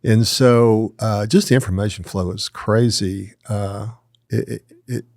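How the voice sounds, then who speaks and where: A man hosting a podcast, chatting in a relaxed, conversational way. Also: fairly low pitch, measured pace, creaky, no room sound, studio quality. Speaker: podcast host. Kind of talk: casual chat.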